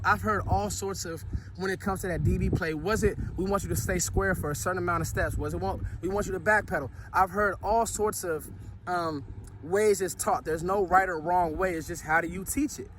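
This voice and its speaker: A man talking casually about football on his vlog, out of breath and sweaty after a workout, animated and full of slangy restarts. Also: high voice, a little hiss or hum. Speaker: sports vlogger.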